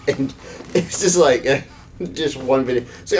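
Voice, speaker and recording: A man chatting over a game, relaxed and teasing, easily amused by the banter. His pitch is an ordinary middle range. A faint hum of noise sits behind him. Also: takes it slowly. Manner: laid-back, teasing, laughs often. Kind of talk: casual chat while gaming.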